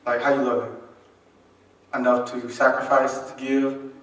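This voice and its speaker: A man's voice: medium pitch, flat delivery, slow pace. A male pastor preaching in a church. He uses a folksy, humorous, call-and-response style and often asks the congregation to finish his lines. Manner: folksy, humorous, conversational delivery. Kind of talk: sermon. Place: church sanctuary. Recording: echoey church from a distant mic.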